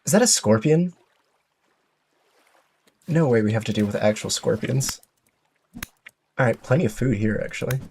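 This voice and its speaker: A man's voice: medium pitch, normal speed, creaky, long pauses, a little hiss or hum. Chatty, playful male game streamer. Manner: chatty, playful, self-mocking; excitable exclamations. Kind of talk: live gaming commentary.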